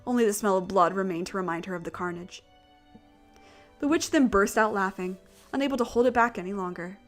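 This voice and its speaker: A woman narrating a gothic visual novel in a steady, measured reading voice. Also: medium pitch, faint music behind. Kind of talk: story narration.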